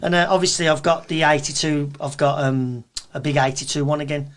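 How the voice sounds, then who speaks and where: A man with a Birmingham accent, a guest event promoter chatting casually and telling animated stories, acting out quotes. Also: fairly high pitch, brisk. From England. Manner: animated storyteller, acts out quotes. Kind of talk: casual chat.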